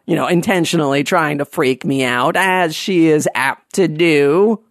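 Rambling man with a slightly high voice. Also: moderate pace, few pauses, no echo, studio quality. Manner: rambling, goes off on tangents; animated, exasperated rants. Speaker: podcast host. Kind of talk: casual monologue.

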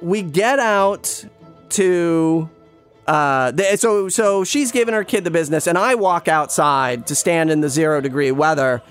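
High-voiced rambling storyteller man. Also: a little slow, soft background music. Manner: rambling and self-deprecating, many restarts, swears. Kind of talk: casual spoken anecdote.

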